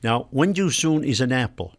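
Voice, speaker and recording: A man's voice: medium pitch, animated, normal speed. An older man from Nova Scotia, Canada, an elder and linguist, patiently explaining words one by one with examples in a radio conversation.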